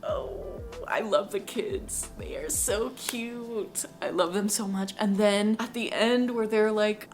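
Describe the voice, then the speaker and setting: A woman's voice: medium pitch, unhurried, faint music behind. A woman in a casual vlog chat reacting to a manga, gushing and rambling with lots of "like".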